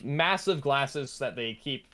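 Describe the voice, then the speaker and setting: A man narrates a tabletop fantasy game as game master. He talks casually and loosely, with plenty of fillers, at a middle pitch. His tone stays plain and everyday. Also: lively intonation, slow pace, pushed and bright.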